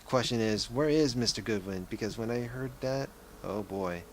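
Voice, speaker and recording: A man's voice: fairly low pitch, moderate pace, a little hiss or hum. Rambling young man narrating a game. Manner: rambling, self-correcting. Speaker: let's play gamer. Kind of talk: casual gameplay commentary.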